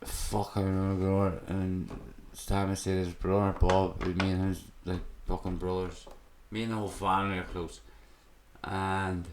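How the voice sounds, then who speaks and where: A man's voice: sits low, flat delivery, moderate pace, background noise. An Irish man telling his own story as a podcast guest, raw and emotional and swearing constantly. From Ireland. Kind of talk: candid personal storytelling. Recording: echoey room.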